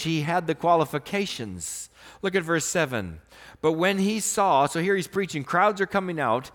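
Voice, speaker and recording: A man preaching a sermon as pastor, earnest, swinging between emphatic raised passages and quiet, softly spoken stretches. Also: fairly high pitch. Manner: earnest preaching, rising to emphatic bursts then dropping soft.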